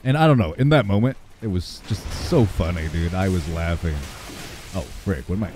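A man livestreaming, a bit hoarse, rambling and joking casually with his chat. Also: deep voice, normal speed, darkish tone, soft background music.

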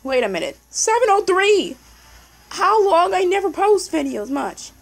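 High, lively young woman gaming. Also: measured pace, soft background music, poor audio. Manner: excitable, yelling at the game, repeating no. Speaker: gameplay commentator. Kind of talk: casual game commentary.

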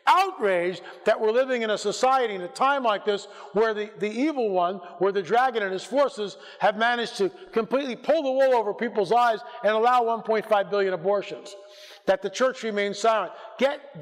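A man with a notably high speaking voice delivers a fiery conference lecture in a church auditorium. He exhorts and urges his listeners, and his words ring out with a long reverb off the hall. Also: brisk. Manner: urgent, exhorting, builds to shouted rebukes.

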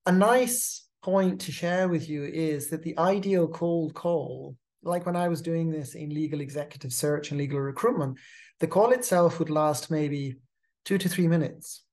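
A host giving a measured, advisory talk on pitching, often repeating words as they restart a phrase. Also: a little mellow. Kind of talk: instructional monologue.

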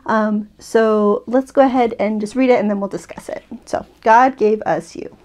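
A woman in her thirties gently reading a bedtime picture book aloud, with a soft voice and hesitant fillers. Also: medium pitch, steady tone, normal speed. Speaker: video creator reading a book.

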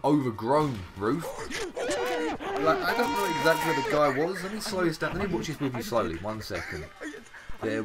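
A young man with an English accent giving casual, chatty commentary over game clips, swearing freely and handing out quick praise. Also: mid-range voice. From England. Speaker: gaming YouTuber. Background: background music.

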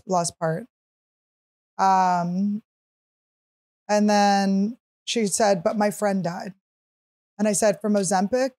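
Animated woman telling a comic story. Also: mid-range voice, drawn-out words, long pauses. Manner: animated, acts out others' quotes, shrieks while teasing. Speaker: podcast host. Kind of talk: casual comedic storytelling.

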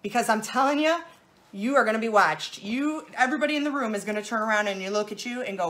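A woman with a fairly high voice hosts a casual live jewelry sales show. She gushes and jokes in a bubbly, playful way as she shows each piece to her viewers. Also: fast talker, fairly bright tone.

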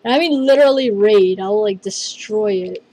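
A woman hosting a casual gameplay video, excitable and rambling, calling her teammate "dude" again and again. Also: mid-range voice, normal speed, low-quality recording.

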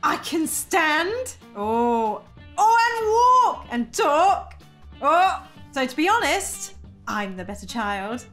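A woman's voice: high voice, very animated, takes it slowly, fairly bright tone, soft background music, full character voice. Woman doing a sassy scorned gacha child. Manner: sassy, indignant.

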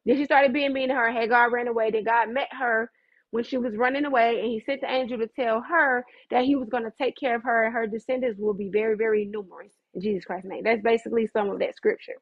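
A high-voiced woman preaching on a livestream, fervent and conversational with a dramatic flair. Her voice is husky and breathy, and the audio is dull and lo-fi. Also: fairly even intonation, fast.

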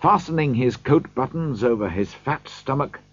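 A man reading a storybook aloud slowly for learners, in scripted narration. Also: mid-range voice, animated, no echo, highs cut off. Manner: slow, clear reading for learners.

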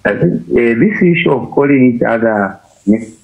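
A man calling in to a show, making his comment haltingly with many fillers. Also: mid-range voice, lively intonation, vocal fry. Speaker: caller. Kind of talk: call-in comment. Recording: tinny phone line.

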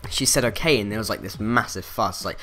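Rambling low-voiced storyteller man. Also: fairly quick, sharp tone, soft background music. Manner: rambling, filler-heavy, self-interrupting. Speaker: vlogger. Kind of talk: casual storytelling.

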